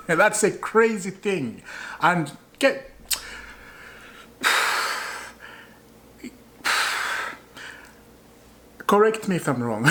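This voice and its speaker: A man's voice: a little high, lively intonation, extremely slow, pauses often, pushed and bright. Annoyed male football fan, repeating himself. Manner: annoyed, repeats points for emphasis; rhetorical questions to viewers, chuckles often. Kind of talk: casual reaction vlog.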